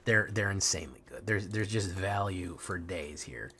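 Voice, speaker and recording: A man's voice: low voice, moderate pace, a bit bright, a little hiss or hum. A man streaming a card game, chatting casually with his viewers, swearing freely and often restarting his sentences. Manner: casual and profane, restarts a lot. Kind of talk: casual livestream chat.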